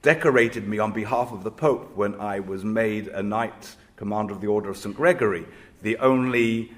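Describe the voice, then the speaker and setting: A rabbi from Israel speaks on a panel in a fairly low voice. He talks in a measured, reflective way. He pauses to hesitate as he tells anecdotes.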